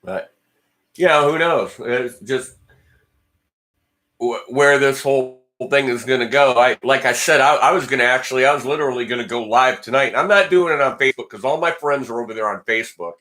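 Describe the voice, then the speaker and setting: A man's voice: mid-range voice, a little fast, bright, forceful tone. A man hosting a casual livestream, rambling and joking as he talks back to viewer comments. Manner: joking and blunt. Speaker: guitar channel host.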